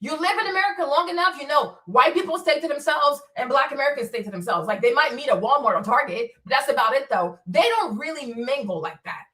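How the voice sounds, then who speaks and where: A woman hosting a livestream, her voice high and sharply bright. She speaks casually to her viewers, swears freely and hammers her point with repeated rhetorical questions. She sits some distance from the mic. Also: expressive, quick pace, hardly any pauses. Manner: emphatic, repetitive, rhetorical questions. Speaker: commentary show host. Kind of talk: livestream commentary. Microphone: streaming setup mic.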